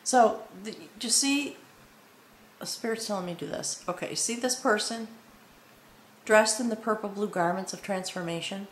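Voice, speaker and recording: A woman's voice: mid-range voice, normal speed, a little hiss or hum. A woman giving a spoken tarot reading to viewers. She talks in a meandering, earnest way, often checking in with "okay?", and sounds a little choked up with emotion. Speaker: tarot reader. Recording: echoey room with faint ambience.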